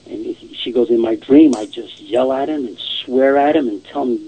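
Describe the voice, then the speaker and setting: A man's voice: mid-range voice, moderate pace, few pauses, slightly rough, muffled recording. A man casually telling a long ghost story, rambling and repeating "I says" and "she goes".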